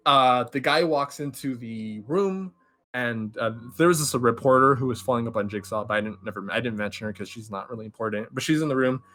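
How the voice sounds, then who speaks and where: A man hosting a podcast, casually recapping a film plot in a rambling, animated way with offhand swearing. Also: medium pitch, brisk, a little hiss or hum. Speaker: podcast host.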